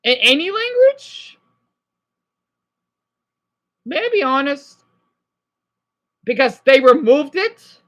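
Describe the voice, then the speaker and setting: Rambling woman livestreamer, slightly high voice. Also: big pitch swings, slow pace, long pauses, fairly bright tone. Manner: rambling, answers chat messages, many "you know" and restarts. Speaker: livestreamer chatting with viewers. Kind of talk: casual live chat.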